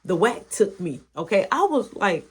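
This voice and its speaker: Woman, husky voice, lively swooping pitch, slangy storytelling, sound effects. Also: moderate pace. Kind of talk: animated storytime.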